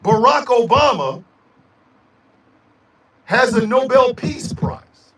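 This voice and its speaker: A man hosting a radio show, delivering a loud, profane, emphatic rant. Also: sits high, animated, slow pace. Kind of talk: angry ranting monologue. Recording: echoey room, mic at a distance.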